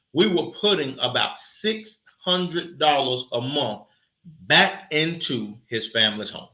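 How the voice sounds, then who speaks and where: A man who heads an insurance agency gives a casual, folksy sales pitch, turning preachy as he calls his listeners to action. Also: reverberant, rough recording. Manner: folksy, preachy, lively asides.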